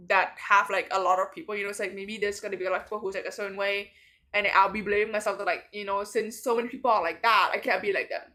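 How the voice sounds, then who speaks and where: Late at night, a young adult vlogger on the verge of starting university talks in a sleepy, weary confessional, rambling with lots of fillers and many "likes." Her mid-range voice has a sharp tone.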